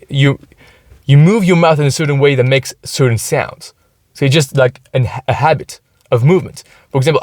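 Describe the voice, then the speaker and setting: A man's voice: medium pitch, no echo, clean studio sound. Man talking in his car. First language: French. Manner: ends sentences with "right?", restarts often. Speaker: podcast host. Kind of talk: casual solo podcast monologue. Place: inside his parked car.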